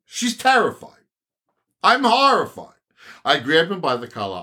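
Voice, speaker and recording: A husky-voiced older man chatting on a podcast. He tells stories with a lot of animation, his pitch rising and falling freely, and he swears and laughs as he goes. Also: wildly swooping pitch, a little slow, pauses often, pushed and bright. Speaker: podcast host. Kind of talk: casual chat.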